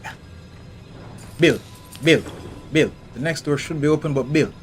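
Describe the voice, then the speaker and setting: A man's voice: on the high side, measured pace. A man streaming a horror game live, talking to himself and taunting the enemy, swearing when things go wrong. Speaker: gaming channel host. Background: game music.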